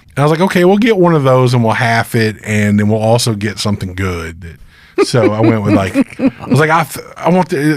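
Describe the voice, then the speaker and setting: A man's voice: mid-range voice, dry recording. A man hosting a casual podcast chat, telling long rambling tour stories and acting out the voices of the people in them. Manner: rambling storyteller who acts out quoted voices. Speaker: podcast host and touring musician.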